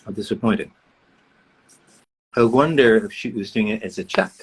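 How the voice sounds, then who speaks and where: A man at a live fan autograph session, reading questions aloud in a playful, animated way. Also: lowish voice, normal speed, slightly rough.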